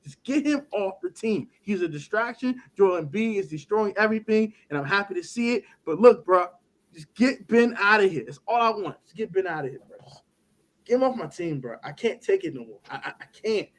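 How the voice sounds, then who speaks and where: A man with a high, lively voice that leaps all over as he rants about sports trades. He laughs a lot and slips into mock voices to act out what others might say. It is a loose, casual group chat. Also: brisk. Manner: animated, laughing, acts out quotes in a put-on voice. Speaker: podcast co-host.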